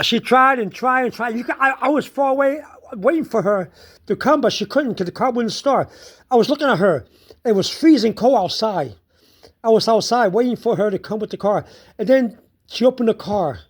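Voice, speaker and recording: A casual personal storyteller talking through a frustrating day. They speak slowly and loop back over the same phrases again and again. Frequent bursts of laughter run through the telling. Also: medium pitch, breathy edge. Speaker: storyteller recounting their day.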